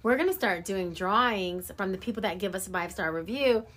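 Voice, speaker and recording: A woman's voice: mid-range voice, expressive, fairly quick, fairly bright tone. A middle-aged woman hosting a podcast in casual chat, talking easily with frequent fillers and laughs. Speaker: podcast host.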